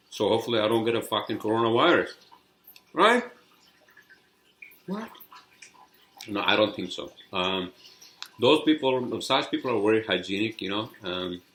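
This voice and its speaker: Here a solo podcast host spins a rambling story full of curse words, filler words, and restarts. His voice sits on the low side with a slightly bright tone, and the audio is poor.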